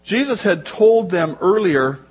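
A man preaching a sermon as pastor, telling the story in a lively way and acting out the voices in the quotes. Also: high voice, unhurried, breathy edge, dull audio.

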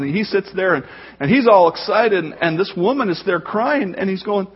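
Husky-voiced man preaching a sermon. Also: high voice, brisk, lo-fi sound. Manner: animated storytelling, acts out voices in quotes. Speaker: pastor.

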